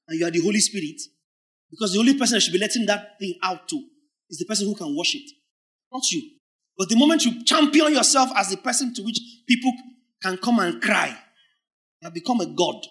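High-voiced preacher, swings loud to hushed. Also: male voice, lively intonation. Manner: emphatic, drawn-out words, sudden swings from loud to hushed; acts out imagined church members in quoted asides. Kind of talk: sermon.

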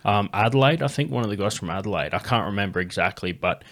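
A man's voice: on the low side, quick pace. Sweary man telling stories. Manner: swears a lot, rambling and animated storytelling. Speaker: podcast host. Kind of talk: casual chat.

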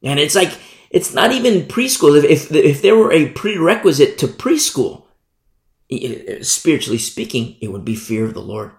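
A man's voice: on the high side, sing-song, moderate pace, creaky. Male pastor preaching, emphatic and repetitive, recorded in an echoey room. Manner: emphatic, repeats key phrases, frequent "you see". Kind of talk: sermon.

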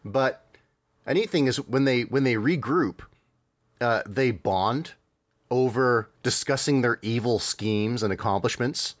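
A man's voice: medium pitch, a little slow, dry recording. A man hosting a casual podcast, chatting about cartoons in a rambling way with fillers and laughs. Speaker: podcast host.

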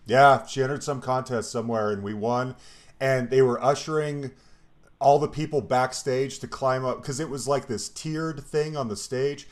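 A man's voice: medium pitch, fairly even intonation, normal speed. A man from Colorado hosting a podcast interview, laughing often and listening eagerly. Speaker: podcast host. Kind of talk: casual interview chat.

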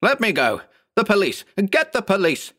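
A man voicing a panicked middle-aged male TV shop owner who pleads and shouts frantically in a storybook reading. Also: lowish voice, expressive, unhurried. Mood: frantic shouting.

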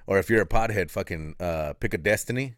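Lower-voiced podcast co-host, profane and giggly, animated recaps, dry close mic. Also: male voice, brisk, no room sound. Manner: profane, laughing, animated recounting. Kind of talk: casual movie chat.

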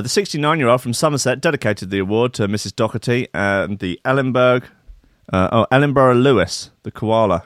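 A man's voice: lowish voice, no room sound, clean studio sound. A man on a live stream, chatting casually and reading news aloud in a sweary, jokey, rambling way.

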